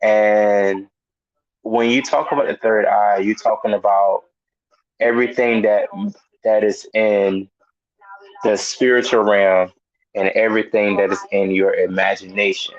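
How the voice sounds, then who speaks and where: A man hosting a casual spiritual talk, halting and often repeating his words as he explains and reads aloud. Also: lowish voice, fairly even intonation, no room sound. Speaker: host. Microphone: headphones and mic. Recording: muffled lo-fi sound.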